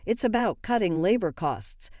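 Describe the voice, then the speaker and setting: A woman's voice: medium pitch, big pitch swings, normal speed, a little mellow, dry recording, studio quality. A woman voicing a smug, mocking female office assistant.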